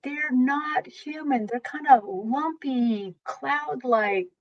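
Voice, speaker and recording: A woman guest telling long, animated stories about readings, rambling and restarting as she goes. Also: sits high, slow pace, crowd noise. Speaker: guest, tarot reader. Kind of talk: storytelling interview chat. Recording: dull lo-fi recording.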